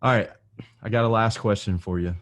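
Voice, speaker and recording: A male podcast host with a very low voice leads a casual interview. He talks in a relaxed, friendly way and calls his guest dude. He ends his points with a thoughtful question. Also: fairly quick.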